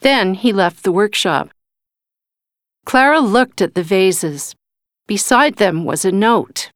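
A woman reading a story aloud in a slow, careful, clear way. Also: mid-range voice, expressive, no echo, studio quality. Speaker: reader.

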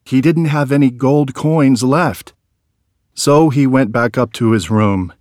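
A man narrating a storybook tale in a slow, expressive reading. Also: medium pitch, no echo, clean studio sound.

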